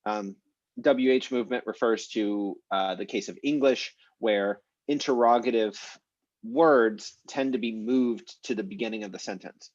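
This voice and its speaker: A man's voice: medium pitch, no echo, muffled recording. A man teaching an online language class, explaining grammar in a casual way with many fillers.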